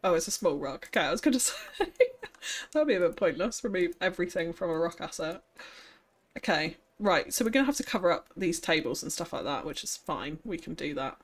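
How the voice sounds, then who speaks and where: A woman's voice: on the low side, expressive, brisk, breathy edge. A woman streaming a city-building game, chatting casually and thinking aloud, with frequent laughs. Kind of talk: casual live-stream commentary while building.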